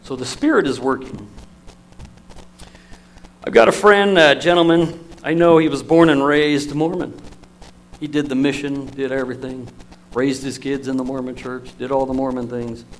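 A man's voice: medium pitch, moderate pace, low-quality recording. Man preaching an emotional sermon. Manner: storytelling, emotional, lively shifts in loudness.

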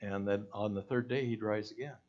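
A man's voice: fairly low pitch, steady tone, a little fast, a little mellow, muffled recording. A man preaching a conversational sermon, asking the listeners questions and acting out the voices in the story.

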